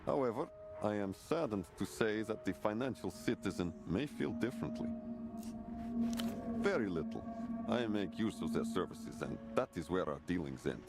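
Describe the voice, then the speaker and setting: A man's voice: on the low side, expressive, moderate pace, creaky. A man voicing a genteel, evasive male fashion dealer in a video game, speaking in a formal, flowery way. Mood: polished. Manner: flowery, formal, courteous phrasing. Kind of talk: video game character dialogue. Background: game music.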